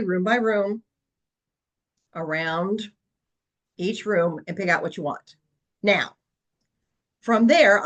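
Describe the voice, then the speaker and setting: A woman with a mid-range, slightly bright voice speaks on a low-quality recording. She's a real estate agent presenting a webinar session, earnestly telling a long, anecdotal client story full of fillers.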